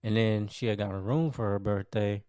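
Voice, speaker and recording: A man's voice: on the low side, fairly even intonation, normal speed, darkish tone, smooth, dry recording, studio quality. A young man hosting a podcast, telling a personal story in a slangy, conversational way that often repeats itself. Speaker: podcast host. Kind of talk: casual first-person storytelling.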